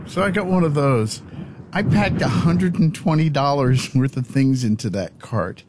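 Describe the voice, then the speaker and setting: A man's voice: mid-range voice, expressive, moderate pace, background noise. A man co-hosting a podcast in casual chat, reading out facts and telling small stories. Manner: chatty, reads facts aloud. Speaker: podcast co-host.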